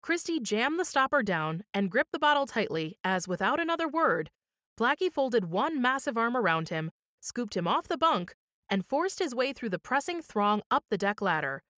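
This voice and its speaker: A woman reads a children's story aloud with an expressive, lively voice that rises and falls a lot. She is on a close studio mic, and her voice sounds dry and close. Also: a little high, normal speed, dry recording. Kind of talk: scripted narration.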